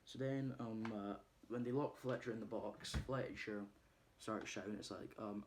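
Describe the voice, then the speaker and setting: Man, lowish voice, loose rambling plot recap full of fillers. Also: steady tone, normal speed, a little hiss or hum. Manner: rambling, many ums and uhs, laughs while retelling scenes. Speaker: movie reviewer.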